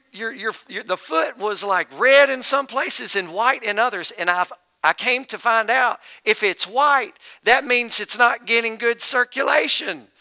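Bright-toned joking pastor, a man. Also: extremely high pitch, creaky, clear, resonant tone. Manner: conversational, joking storyteller. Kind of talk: sermon.

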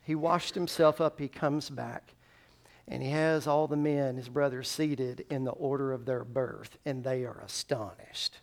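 Gravelly-voiced man preaching a sermon. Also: mid-range voice, steady tone, a little slow. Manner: emotional storytelling, sings a refrain. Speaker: pastor.

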